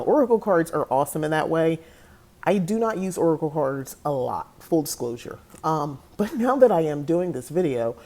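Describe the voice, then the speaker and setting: Chatty low-voiced woman host. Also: dark tone. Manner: chatty, laughs often, goes on tangents. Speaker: podcast host. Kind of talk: casual talk to camera.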